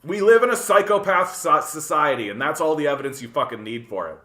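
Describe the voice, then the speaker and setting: A man hosts a casual livestream and rants at his chat in an animated, profane way. His voice is bright and forceful, and he often repeats words while he works out his point. The sound is roomy, with echo from the space around him. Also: a little high, a little fast. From Canada. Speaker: livestream host reading chat.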